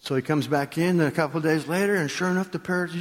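A man's voice: fairly high pitch, fairly even intonation, quick pace, few pauses, in a large hall. A male pastor giving a sermon in a conversational, joking way, speaking directly to the congregation.

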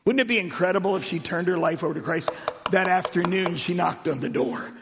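A man preaching a sermon and telling stories in an animated way, with shouted emphasis. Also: high voice, brisk, vocal fry, background noise. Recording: echoey hall reverb.

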